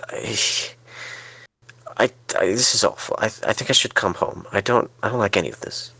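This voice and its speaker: A man's voice: lowish voice, normal speed, gravelly, sharp tone, breathy edge, no echo. A man role-playing a flustered, anxious character in a tabletop game, stammering as he talks. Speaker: player.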